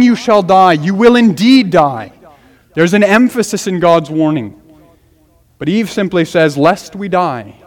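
A man preaching an expository sermon as pastor, earnest and emphatic, repeating key phrases for weight. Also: high-pitched. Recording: long hall reverb.

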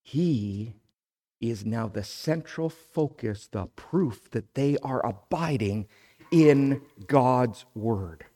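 Slow, deliberate male preacher. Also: mid-range voice, animated, dark tone. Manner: slow, deliberate preaching with emphatic rises when reading scripture. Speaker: pastor. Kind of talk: sermon.

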